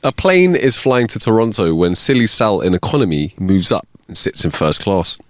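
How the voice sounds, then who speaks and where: A man co-hosting a comedy podcast, reading listener jokes aloud with animated delivery and put-on voices for the characters. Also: on the low side, moderate pace, no room sound. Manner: animated joke telling with big laughs and put-on voices. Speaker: podcast co-host.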